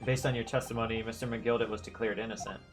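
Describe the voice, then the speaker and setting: A man voicing an earnest young male defense lawyer, reading his lines in a steady, probing way. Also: on the low side, fast, music in the background, pitched below the performer's own voice, close to an everyday voice. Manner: steady questioning. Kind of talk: game dialogue read aloud on a stream.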